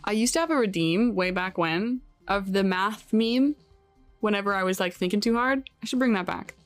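A woman's voice: medium pitch, moderate pace, dry recording, soft background music. A woman streaming a cozy video game, chatting casually with playful, giggly reactions and jokey asides. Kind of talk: casual live game commentary.

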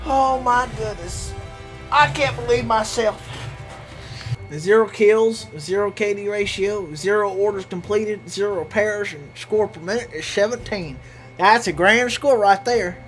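A man ranting and swearing through online gameplay with friends, breaking into loud angry shouts. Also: high voice, a little slow, faint music behind. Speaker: gamer.

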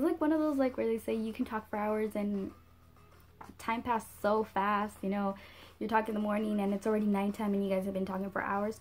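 A teenage girl telling a storytime in a chatty, animated way, full of "like" and "whatever". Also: medium pitch. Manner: chatty, animated, heavy use of "like". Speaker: vlogger. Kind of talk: casual storytime.

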